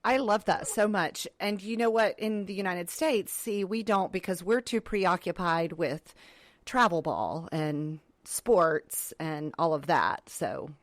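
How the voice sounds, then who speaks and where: A woman's voice: lowish voice, slow pace, no room sound. A middle-aged woman co-hosting a podcast, chatting in a motherly, talkative way. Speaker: podcast co-host. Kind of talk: casual chat.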